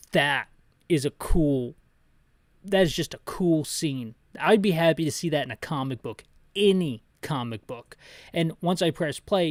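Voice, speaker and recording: A man's voice: fairly high pitch, no room sound. A man hosting his channel, describing a game scene for blind viewers with chatty, jokey asides and restarts. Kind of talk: audio description and commentary.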